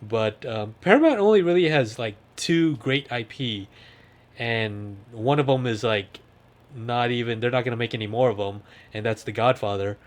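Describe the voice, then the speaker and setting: A man's voice: mid-range voice, normal speed. A man co-hosting a podcast in casual chat, rambling a little, laughing often and slipping into movie quotes. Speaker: podcast co-host.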